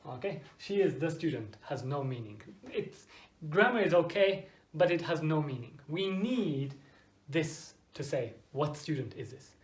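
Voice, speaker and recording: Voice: medium pitch, lively intonation. Patient teacher in an echoey room. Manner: simple, slow English with exaggerated intonation for demonstration; frequent checking "okay?" with students. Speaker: English teacher. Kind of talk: online grammar lesson for Japanese learners.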